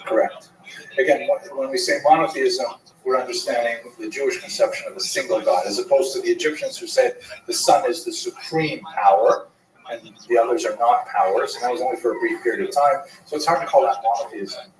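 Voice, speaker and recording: A man teaching a class as a rabbi, an animated storyteller. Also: mid-range voice, fairly quick, a little hiss or hum. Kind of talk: lecture. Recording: roomy, far from the mic.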